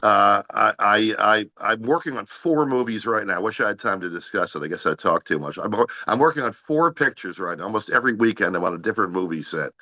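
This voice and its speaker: A man with a very low voice and a bright, forceful edge tells a long story as an interview guest. He rambles, restarts his sentences and repeats words as he goes. The sound is dull and muffled, with a dry, close feel. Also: animated, a little fast, few pauses, no room sound.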